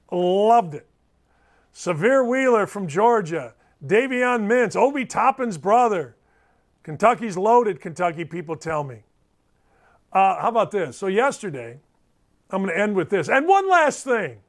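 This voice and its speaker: A man's voice: high voice, a bit bright. A middle-aged man hosting a sports talk show, talking in a blunt, emphatic way and repeating himself for effect.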